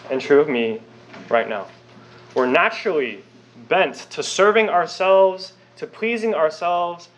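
A young man preaching a sermon, emphatic and conversational, with frequent rhetorical questions. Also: on the high side. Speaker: pastor.

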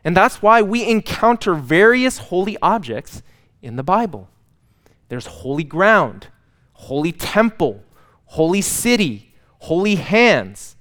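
A man preaches from the pulpit in a relaxed, conversational way, dropping in a bit of self-mocking humor. His voice sits a little high and sounds smooth and clear. He leans hard on repeated words for dramatic emphasis. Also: slow pace. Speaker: pastor. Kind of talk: sermon.

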